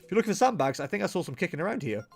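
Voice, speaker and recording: A gleeful little shapeshifting blob from a video game, as a man puts it on, bragging about its loot. The voice is high and squeaky and swings about wildly. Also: very animated, rapid-fire, vocal fry, soft background music, exaggerated voice.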